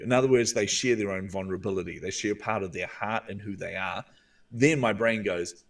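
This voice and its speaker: Kiwi guy, lowish voice, a bit far from the mic, animated storyteller. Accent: New Zealand. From New Zealand. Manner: animated, acts out inner voices with drawn-out "hmm". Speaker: guest, visibility coach. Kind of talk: storytelling interview talk.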